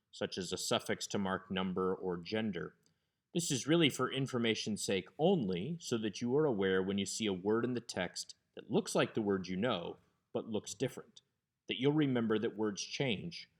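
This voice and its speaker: Lower-pitched man explaining grammar patiently. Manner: patient, explanatory, spells out terms slowly. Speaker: Hebrew teacher. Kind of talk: recorded grammar lecture.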